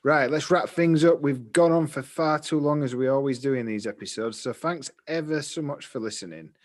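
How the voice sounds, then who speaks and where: A man's voice: medium pitch, normal speed. A man co-hosting a podcast in rambling, chatty, self-deprecating casual talk. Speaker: podcast co-host. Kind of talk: casual chat.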